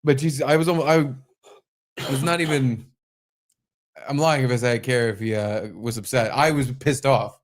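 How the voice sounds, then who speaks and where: A man co-hosting a casual podcast, telling stories in an animated way, swearing freely and acting out his own startled yelps. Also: mid-range voice, normal speed, pauses often. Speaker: podcast co-host. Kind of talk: casual chat.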